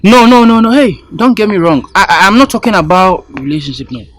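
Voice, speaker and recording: A man with a husky, slightly breathy voice earnestly warns someone in a comedy sketch. His voice sits high and moves in lively swings. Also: fast talker. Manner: earnest advising, warning tone. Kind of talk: comic sketch acting.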